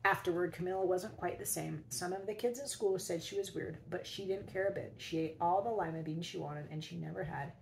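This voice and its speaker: A woman teacher reading a children's picture book aloud, expressively, and pausing to ask her young listeners questions. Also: fairly low pitch, vocal fry, slight background noise, poor audio. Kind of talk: children's read-aloud storytelling.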